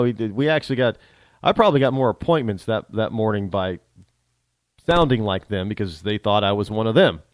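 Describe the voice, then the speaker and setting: Male talk host, northern American accent, lively pitch, dry close recording, rambling monologue. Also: no room sound. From northern United States. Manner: rambling, with many restarts and repeated words. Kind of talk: casual solo monologue.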